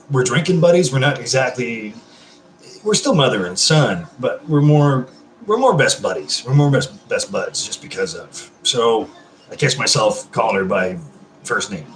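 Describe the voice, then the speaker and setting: Male livestream host, 30s, casual and sweary, medium pitch, echoey room. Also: big pitch swings, normal speed, slight background noise. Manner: chatty and affectionate, swears freely.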